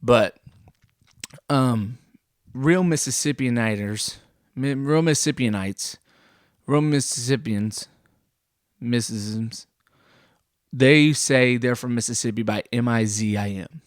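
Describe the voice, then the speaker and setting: Rambling deadpan young comedian. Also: male voice, mid-range voice, slow pace, pauses often, no room sound, clean studio sound. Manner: rambling, filler-heavy, self-correcting. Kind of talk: absurd deadpan comedy monologue.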